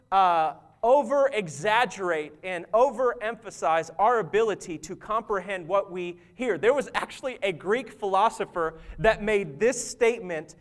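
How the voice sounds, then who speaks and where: A man with a notably high voice preaches to his congregation. His delivery is casual and self-deprecating, with easy laughter between points of scripture. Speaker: pastor. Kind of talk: sermon. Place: church.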